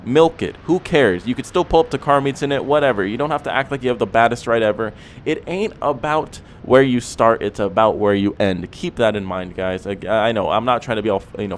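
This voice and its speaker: A man's voice: mid-range voice, slight background noise. Laid-back young man giving car advice. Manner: laid-back, rambling, repeats "okay?" and "you know". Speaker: car vlogger. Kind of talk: casual advice talk to camera.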